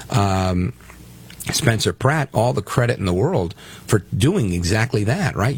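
A man from Brooklyn, New York, is guest-hosting a political talk radio show, speaking emphatically and conversationally as he takes callers. His voice is lowish and husky.

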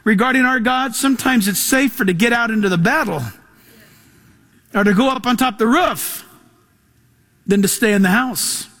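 A male pastor preaching a sermon, emphatic, swinging between loud passages and hushed ones. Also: very high-pitched, moderate pace, long pauses.

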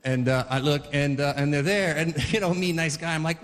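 A man's voice: fairly high pitch, a little fast, in a large hall. A man in his forties doing stand-up comedy, telling rambling stories that keep stopping and restarting. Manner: rambling, self-interrupting storyteller.

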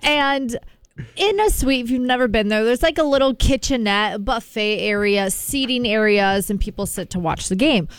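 High-voiced woman telling radio stories. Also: moderate pace, clear, resonant tone, no room sound. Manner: animated storyteller, laughs while telling. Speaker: radio show co-host. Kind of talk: morning radio banter, storytelling.

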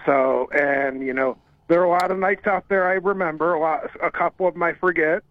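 A man phones in to a radio talk show and tells a story in an easygoing way. His voice sits a little high and comes through a muffled, dry phone line. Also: steady tone, a little fast, no room sound. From Ohio. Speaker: caller. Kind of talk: casual call-in chat.

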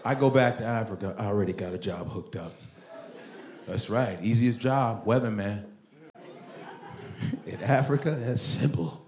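A man from Nigeria doing an animated, profane stand-up set on a comedy club stage, often laughing. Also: fairly low pitch, normal speed, pauses often, roomy sound, some chatter behind.

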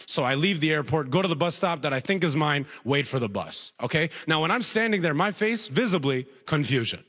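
A young man telling a stand-up comedy story, animated and full of rhetorical asides. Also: a little high, brisk. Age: young adult. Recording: long hall reverb.

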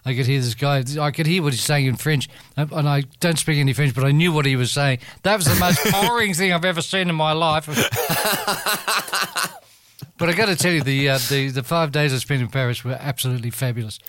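A man's voice: fairly high pitch, a little fast, a bit bright, no room sound. A man telling a rambling anecdote as a radio guest, full of restarts and frequent laughter. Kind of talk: anecdotal storytelling.

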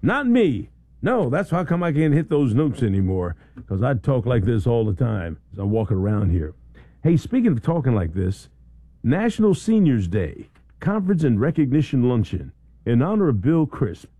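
Chatty radio host man with a dark voice. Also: medium pitch, normal speed, breathy edge, no echo. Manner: rambling, chatty, lots of "you know" and restarts, bursts of excited shouting. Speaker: radio talk show host. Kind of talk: casual radio chat and announcements. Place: radio studio.

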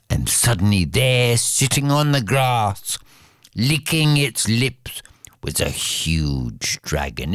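Male storyteller, unhurried, animated pitch. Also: no room sound, studio quality. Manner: lively, highly varied pitch, slow and deliberate. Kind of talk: told folk tale.

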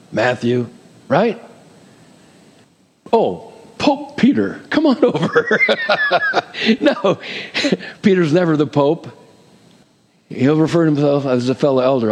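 A man's voice: mid-range voice, darkish tone, in a large hall. A man preaching a sermon as pastor, conversational, with humorous asides and frequent questions to the congregation.

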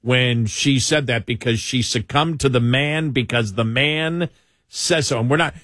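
A man's voice: medium pitch, unhurried, a bit bright, dry recording, studio quality. A man co-hosting a talk show, talking in an emphatic, opinionated way and repeating himself for effect. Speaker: co-host.

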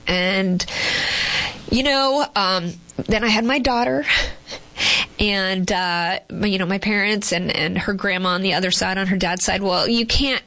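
A woman's voice: mid-range voice, creaky, fairly bright tone. Chatty woman telling her story. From Boston, Massachusetts. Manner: chatty, rambling storyteller with frequent fillers and laughs. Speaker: guest, TV news reporter. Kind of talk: casual interview chat.

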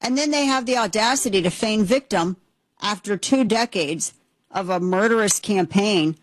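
A woman's voice: mid-range voice, moderate pace, no echo, rough recording. An American woman hosting political commentary, emphatic and opinionated, rambling with frequent restarts. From United States. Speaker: commentary host.

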